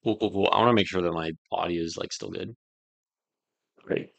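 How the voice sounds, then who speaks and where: A young man talks to his stream in a loose, rambling way, full of fillers and quick jokes. His voice sits a little low, and he keeps it casual throughout. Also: creaky. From United States. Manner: rambling and jokey, lots of "like" and laughing. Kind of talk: casual livestream chat.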